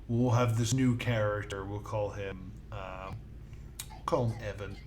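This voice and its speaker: A man playing a tabletop role-playing game, talking in a halting way with many fillers and restarts. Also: fairly low pitch, flat delivery, background noise. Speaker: player and host. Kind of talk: casual tabletop role-play.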